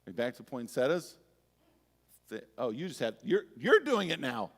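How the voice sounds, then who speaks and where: A man's voice: medium pitch, sing-song, normal speed. A male pastor giving a sermon in a conversational, storytelling way with touches of humor. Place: church sanctuary. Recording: church sanctuary with long reverb.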